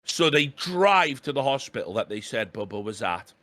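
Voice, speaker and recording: A man's voice: mid-range voice, sing-song, normal speed, pushed and bright, dry recording. A man co-hosting a podcast, animatedly retelling a TV episode with frequent laughs. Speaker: podcast co-host. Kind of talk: casual podcast storytelling.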